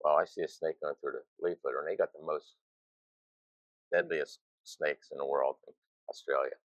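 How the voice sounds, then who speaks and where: Deep-voiced older man telling zoo stories. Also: steady tone, moderate pace, no echo, rough recording. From United States. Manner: rambling anecdotes with self-deprecating chuckles. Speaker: retired zookeeper, guest. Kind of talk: casual storytelling interview.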